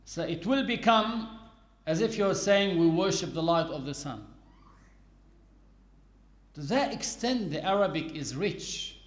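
A man with a fairly high voice delivers a religious lesson at an unhurried, measured pace. He explains each point deliberately and illustrates it with everyday examples. The sound carries a noticeable room echo. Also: lively intonation. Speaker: Islamic teacher. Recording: echoey room.

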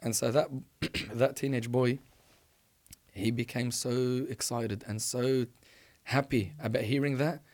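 A man's voice: medium pitch, a little slow. Emphatic male religious storyteller. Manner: animated, emphatic, with frequent restarts. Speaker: preacher.

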